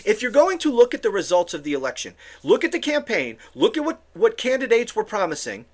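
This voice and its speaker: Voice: medium pitch, huge pitch swings, a little fast, a little mellow. A political commentary host ranting alone on camera, sarcastic and exasperated, often stumbling into restarts and repeated words.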